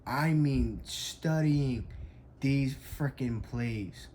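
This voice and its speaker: A man's voice: mid-range voice, moderate pace, a little mellow, slight background noise. Emphatic young man telling a fitness story. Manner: emphatic, frank, peppered with "like". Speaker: fitness coach. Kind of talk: casual vlog storytelling.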